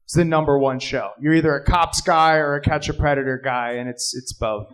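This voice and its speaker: A man performing a stand-up comedy set, rambling and jumping into shouted character voices. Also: a little high, fairly even intonation, a little fast, poor audio. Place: live comedy club.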